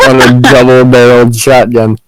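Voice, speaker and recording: A man chatting casually with fellow tabletop game players, playful and quick to laugh. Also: mid-range voice, wildly swooping pitch, heavy background noise. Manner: giggly, playful. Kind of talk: casual chat.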